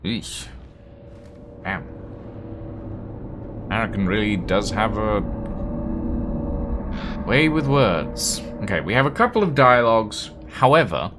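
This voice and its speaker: Lively, low-voiced male streamer. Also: noisy background. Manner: theatrical, animated reading voice. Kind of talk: live-streamed game playthrough with read-aloud text.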